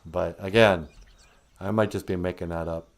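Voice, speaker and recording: A man's voice: sits low, fairly even intonation, moderate pace. A man hosting a comedic puppet show, rambling and giggling at himself. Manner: rambling, giggly, self-deprecating.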